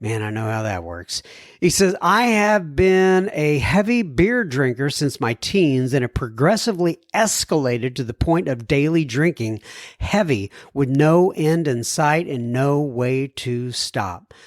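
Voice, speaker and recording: A man's voice: fairly high pitch, animated, unhurried, dry recording, studio quality. Chatty man reading listener letters. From United States. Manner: chatty, warm asides, stumbles over words. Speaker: podcast host. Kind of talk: reading listener messages aloud.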